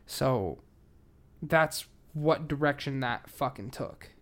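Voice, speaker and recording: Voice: medium pitch, slow, fairly bright tone. A casual podcast host talking through a true-crime case, swearing constantly and rambling with lots of fillers. He admits to being a little tipsy, and the delivery stays loose and informal.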